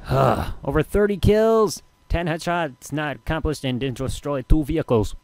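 A man from Michigan giving excitable, mildly profane commentary while live streaming a video game. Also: on the high side, moderate pace. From Michigan, USA. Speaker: gaming streamer. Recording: game noise underneath. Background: game sounds.

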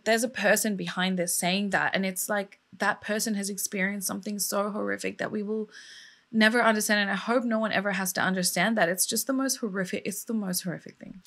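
A woman's voice: medium pitch, fairly even intonation, brisk, fairly bright tone. A woman, a mother in her thirties or younger, telling a sad true crime story in a casual vlog, emotional and indignant as she talks it through.

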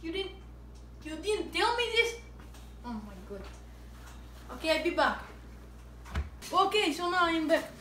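A woman's voice: extremely high pitch, lively intonation, a little slow, long pauses, pushed and bright. A woman talking in a jokey put-on Russian accent with playful broken English, reviewing gear while cooking in her kitchen. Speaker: vlogger. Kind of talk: casual cooking review vlog. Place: home kitchen. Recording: echoey kitchen, far from mic, noisy.

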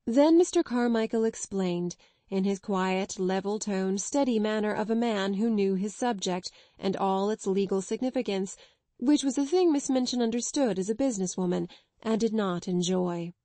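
A woman narrates a classic children's novel for an audiobook. Her reading is even and clear, and the recording is dry and close, with no room sound. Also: mid-range voice, moderate pace, dry recording. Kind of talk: scripted narration.

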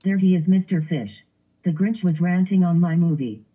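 A man's voice: high-pitched, moderate pace, husky. A male computer voice playing a big grumpy ogre who tattles indignantly, over tinny lo-fi sound.

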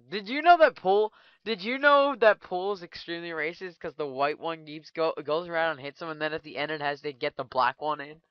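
Crude, excitable man trash-talking over gameplay. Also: on the high side, clean tone, no room sound, muffled recording. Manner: crude, joking trash talk with excitable outbursts. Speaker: gaming channel host. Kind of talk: casual gameplay commentary.

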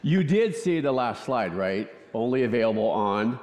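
A man preaching a conversational, joking sermon in a church, chatty and quick to laugh. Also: medium pitch, sing-song, darkish tone. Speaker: pastor. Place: church sanctuary. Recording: echoey church hall.

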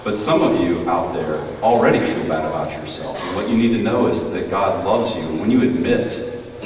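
A man's voice: sits low, normal speed, noisy background. Brief: male pastor, playful children's sermon, distant mic, long church reverb. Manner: playful, acts out quoted voices. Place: church sanctuary. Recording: echoey church hall, mic far off.

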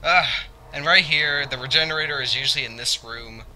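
A man's voice: fairly high pitch, a little fast, bright, forceful tone, slight background noise. Jumpy young man narrating a game. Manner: jumpy, yelps and repeats himself when startled. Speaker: let's play host. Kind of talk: gameplay commentary.

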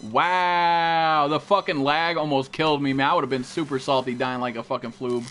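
A man's voice: medium pitch, fairly even intonation, quick pace, fairly bright tone, a little hiss or hum. A young man streaming a video game, talking to his chat with brash, profane trash talk. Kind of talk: live gameplay commentary.

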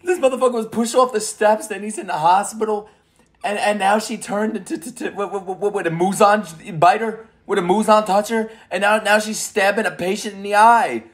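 A young man giving casual, profane reaction commentary on anime, joking loudly and laughing a lot, with the show's music playing behind him. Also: high-pitched, steady tone, moderate pace. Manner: loud joking outbursts, frequent laughs and cursing.

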